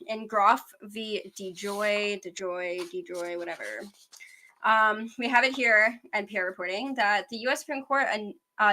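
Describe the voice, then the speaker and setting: A woman in her twenties hosting a podcast, chatting about the news in a fast, rambling way. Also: medium pitch, bright, forceful tone. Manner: fast, rambling, self-aware talker. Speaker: podcast host. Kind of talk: casual news chat.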